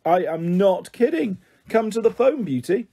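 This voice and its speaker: A man's voice: high-pitched, animated, measured pace, vocal fry, dark tone, pitched above the performer's own voice, heavily acted. A man voicing a playful, teasing stepfather in a storybook reading. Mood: excited.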